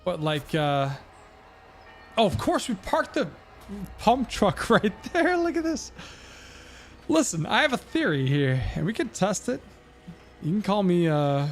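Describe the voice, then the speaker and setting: A man livestreaming a game, rambling and musing as he talks to his chat in casual commentary. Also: high voice. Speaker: gaming livestreamer.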